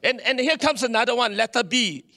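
A man preaching a sermon in a church, animated and calling on the congregation to respond. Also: extremely high pitch, fairly quick, vocal fry, no echo, studio quality. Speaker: pastor.

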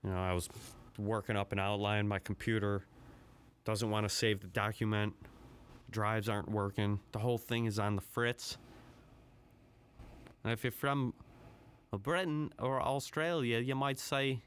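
A man's voice: lowish voice, steady tone, unhurried, pauses often, a bit bright, clear, resonant tone. A man hosting his own podcast, rambling through a casual, profane solo rant with a self-deprecating edge. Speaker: podcast host.

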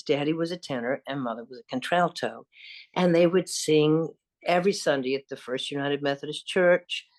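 An older actress from the American South with a faint Southern accent, telling rambling stories with frequent laughter in an interview. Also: female voice, sits low. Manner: warm, rambling, self-deprecating, laughs often. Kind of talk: casual storytelling interview.

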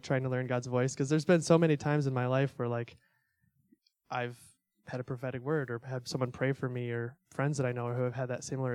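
A man's voice: mid-range voice, darkish tone, no echo, clean studio sound. Casual young man teaching faith. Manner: conversational, filler-heavy, self-deprecating laughs. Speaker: church teacher.

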